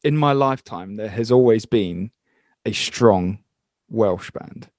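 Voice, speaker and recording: A male musician guest in casual chat, relaxed and casually profane. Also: fairly low pitch, slow pace, no echo. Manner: laid-back, swears casually.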